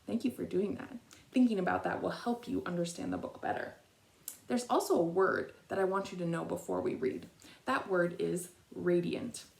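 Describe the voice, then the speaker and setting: Slow, clear woman teaching children. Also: on the low side, sing-song, a little mellow, echoey room. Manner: slow, clear teacher talk with call-and-response prompts. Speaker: trainee principal leading a school assembly. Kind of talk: reading a picture book aloud to children. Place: elementary school.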